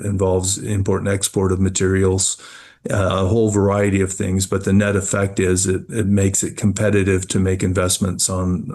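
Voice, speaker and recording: Man, mining CEO type, deep and even-toned, halting, repeats himself. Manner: measured, repeats words while thinking. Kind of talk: business interview answers.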